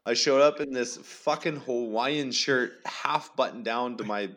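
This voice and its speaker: A man's voice: medium pitch, measured pace, fairly bright tone. A man telling laid-back anecdotes during casual podcast banter with friends. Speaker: podcast guest.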